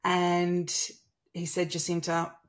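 An Australian woman in her thirties speaks slowly in a fairly low voice. She's a guest in a conversation, telling a personal story with animation and acting out the quoted dialogue.

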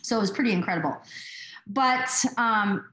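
A woman's voice: mid-range voice, moderate pace, a bit bright, echoey room. A woman hosting a podcast interview, talking in an emphatic, chatty way. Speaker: podcast host. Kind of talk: conversational interview.

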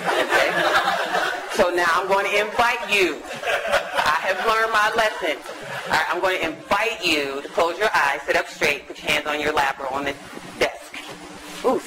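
A woman academic giving a lively, chatty talk to a live audience in a university lecture room, teasing the listeners as she goes. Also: on the low side, a little hiss or hum, low-quality recording. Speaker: guest lecturer, academic psychologist.

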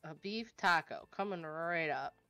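A woman's voice: sits low, measured pace, vocal fry, sharp tone, lo-fi sound, faint music behind. A woman joining a casual co-op gameplay chat as a guest, upbeat and chatty. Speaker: co-op guest player.

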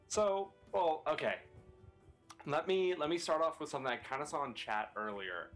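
A man's voice: fairly high pitch, moderate pace, a bit bright, faint music behind. A male voice actor on a panel, giving earnest advice and explaining his points with rhetorical questions.

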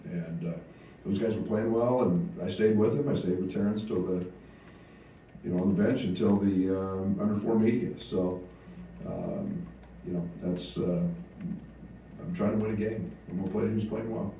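A low, very dark-toned man speaks as a head basketball coach at a press conference, halting often with fillers and restarts. He sounds distant from the mic in a very echoey room with a faint hiss. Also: expressive.

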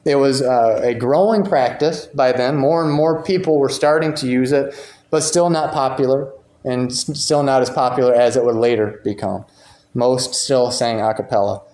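A man's voice: medium pitch, fairly even intonation, normal speed, darkish tone. A man teaching a church Bible class in a conversational way, reading quotations aloud and commenting on them. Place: church meeting room. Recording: roomy echo.

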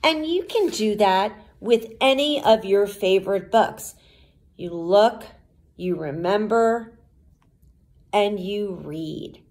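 A woman teacher reading a storybook aloud to children, pausing to explain the pictures and words in a patient way. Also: medium pitch, a little mellow.

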